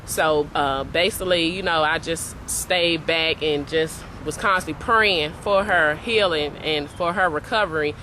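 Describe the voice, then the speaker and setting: A man in a documentary interview, speaking in a halting, reflective way outdoors. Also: a little high, bright, forceful tone, slight background noise.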